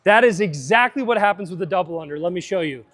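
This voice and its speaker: A man's voice: high-pitched, animated, quick pace, fairly bright tone. A man coaching a live fitness seminar, upbeat and chatty, drifting into side tangents.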